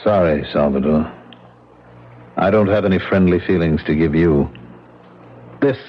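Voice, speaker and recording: A man's voice: low voice, measured pace, a little hiss or hum. A scornful wheelchair-bound father. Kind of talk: 1970s radio drama acting. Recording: dull lo-fi old radio recording.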